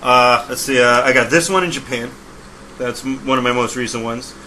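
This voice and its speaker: A man with a bright, forceful voice rambling through a story in a casual podcast chat. He laughs easily and restarts his sentences as he goes. A faint hiss of noise sits under the recording. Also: mid-range voice, a little fast, low-quality recording. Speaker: guest, sign maker. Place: podcast studio.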